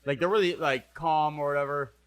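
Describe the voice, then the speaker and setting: A man's voice: on the high side, brisk, clear, resonant tone. A man hosting a podcast, chatting casually as a rambling storyteller who acts out what others said. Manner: rambling storyteller, quotes people in animated bursts. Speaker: podcast host. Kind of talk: casual chat.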